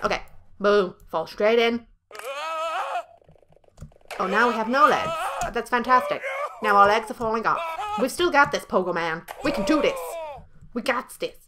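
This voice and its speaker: A young woman giving loud, profane, jokey commentary while playing a video game. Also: on the high side, lively intonation, moderate pace, long pauses, noisy background. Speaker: gameplay streamer. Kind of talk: let's play commentary.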